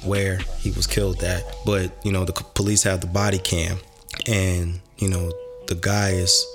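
A man in casual podcast chat, animated and rambling, with lots of cursing. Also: sits low, moderate pace, music in the background.

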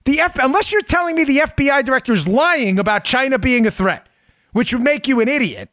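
A man's voice: very high voice, animated, a little fast, a bit bright, no room sound, studio quality. A man hosting a podcast, giving emphatic, sarcastic political commentary and repeating phrases for effect. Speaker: podcast host.

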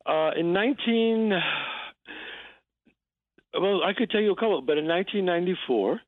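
A man, an actor guest, telling a story in a radio interview over the phone, halting and restarting as he acts out the quotes. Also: sits high, expressive, no room sound. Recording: tinny phone line.

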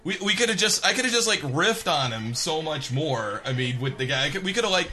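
A man's voice: fairly high pitch, fairly quick, a little hiss or hum. A man in his thirties, a radio host, telling a funny story with lots of laughter. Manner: animated, laughing as he tells. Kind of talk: comic storytelling.

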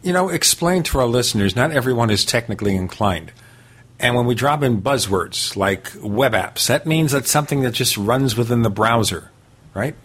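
Radio host guy, kinda husky voice, blunt and opinionated, reads his own ads. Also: medium pitch, expressive, normal speed, a bit bright. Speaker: radio talk show host. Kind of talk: radio interview and host-read ad.

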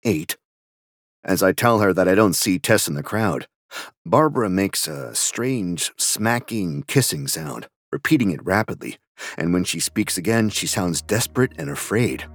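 An actor playing a delusional young male killer, narrating his hushed, obsessive inner monologue in an audio drama. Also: deep voice, lively intonation, unhurried, no room sound, clean studio sound, exaggerated voice. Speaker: first-person narrator.

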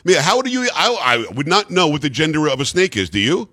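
A man's voice: on the high side, very animated, a little fast, pushed and bright, no echo. Blunt, emphatic male radio host. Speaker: radio talk show host. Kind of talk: opinionated talk radio. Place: radio studio.

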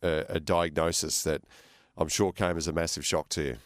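A man hosting a radio interview, attentive and quick with short affirmations. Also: a bass voice, fairly even intonation, dry recording, clean studio sound. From Australia. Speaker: radio host.

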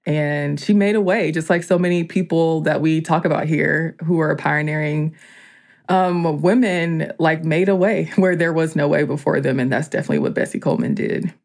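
Woman from the american south, fairly low voice, casual podcast chat, filler-heavy. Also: moderate pace, darkish tone. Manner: chatty, frequent "like" fillers, laughs easily. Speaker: guest storyteller.

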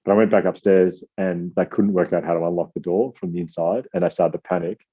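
A man telling a rambling, self-deprecating story as an author guest, quoting people in lively voices. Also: sits low, quick pace, breathy edge, lo-fi sound. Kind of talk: casual storytelling.

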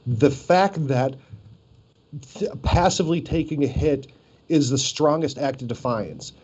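A man's voice: a little high, unhurried, a little mellow, slightly rough. A man co-hosting a podcast, making his point emphatically in casual chat. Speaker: co-host. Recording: dull lo-fi podcast audio.

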